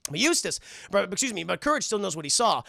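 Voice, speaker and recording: A man's voice: high voice, sing-song, quick pace, gravelly, pushed and bright, no room sound. A man streaming a casual cartoon recap, swearing freely and talking to his chat. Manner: profane, keeps addressing chat.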